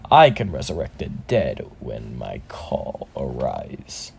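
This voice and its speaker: A young male hero turned shadow lord speaks in an alarming, dark tone, as a man puts him on. The voice drops far below the teller's own, slow and ominous, and sits a little back from the mic. It sounds like a fan-told storybook reading. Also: rumbling low, wildly swooping pitch, gravelly, slight background noise, pitched below the performer's own voice, heavily acted. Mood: dark, menacing.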